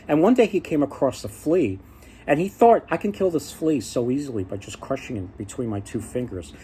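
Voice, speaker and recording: Man, casual storyteller, rambling, restarts a lot, mid-pitched voice. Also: dark tone, slightly rough. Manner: rambling, many fillers and restarts. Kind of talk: casual spoken retelling of folk tales.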